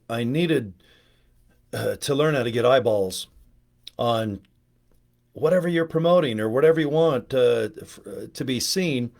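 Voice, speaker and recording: A man talks to his viewers on a live stream, loose and chatty. He wanders off on joking tangents in a relaxed, unscripted way, and his voice sits at an ordinary middle pitch. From United States. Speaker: network marketing trainer. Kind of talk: rambling casual livestream. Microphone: webcam or phone on a live stream.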